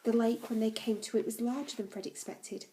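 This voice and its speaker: A woman reading a novel aloud in a calm, even storytelling manner. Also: a little high, a little fast, low-quality recording. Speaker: audiobook reader.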